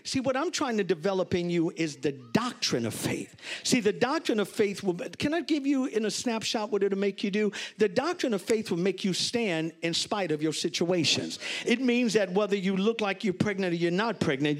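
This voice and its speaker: A pastor preaching a sermon, telling a story with loud, animated exclamations. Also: male voice, high voice.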